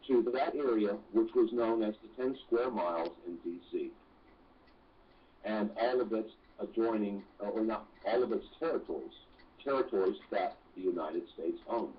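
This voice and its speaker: A man who is a guest on a talk radio show, explaining slowly and deliberately with pauses. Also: lowish voice. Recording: distant, dull phone-in sound.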